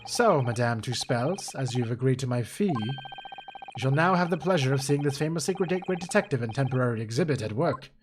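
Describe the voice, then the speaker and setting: A man voicing a pompous, eccentric British gentleman detective in a video game, reading the dialogue with grand, old-fashioned formality. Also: medium pitch, lively intonation, fairly quick, close to an everyday voice. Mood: grandiose. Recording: game music playing behind.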